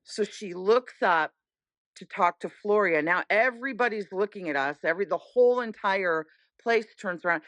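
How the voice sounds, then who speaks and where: A middle-aged woman telling a story as a podcast guest in casual chat, animated and acting out the voices she quotes. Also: mid-range voice, normal speed, dry recording.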